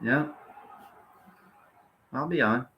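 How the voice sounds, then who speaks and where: A man's voice: medium pitch, very slow, muffled recording. A man hosting a casual livestream, chatting to viewers in a blunt, rambling way and swearing freely. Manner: blunt, rambling, salty-mouthed. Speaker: livestream host.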